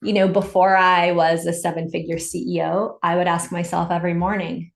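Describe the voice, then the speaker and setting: A woman's voice: fairly low pitch, level tone, fairly quick, gravelly, hardly any pauses. Encouraging woman coach, echoey room. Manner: upbeat, encouraging, reads chat comments aloud. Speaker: summit host and business coach. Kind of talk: live webinar coaching talk. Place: home in Santa Cruz.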